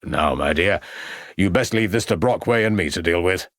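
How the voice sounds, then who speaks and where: A man playing a brusque, domineering middle-aged country gentleman who gives orders. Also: low-pitched, moderate pace, dry recording, studio quality, voice pushed down. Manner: brusque, commanding.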